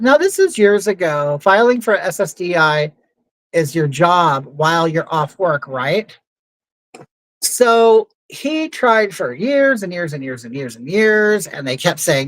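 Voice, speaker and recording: A woman hosts a livestream, telling stories in a chatty, opinionated monologue packed with asides. Her voice is lowish with lively intonation and an unhurried pace; the recording is low quality with no room sound.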